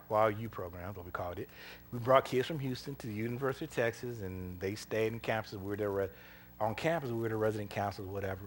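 Over a slight hiss or hum, a man with a voice on the low side delivers a storytelling sermon. His folksy, conversational anecdotes are personal and animated; he performs the characters' lines and laughs a lot.

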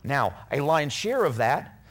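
A man's voice: a little high, unhurried. A middle-aged man preaching a sermon, telling personal stories in an earnest way and acting out what people said. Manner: earnest, animated storyteller who acts out quotes.

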